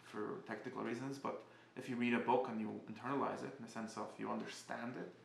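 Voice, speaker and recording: A man giving a casual spoken class, halting and often restarting as he searches for words. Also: medium pitch, fairly even intonation, creaky, reverberant, slight background noise. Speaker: teacher.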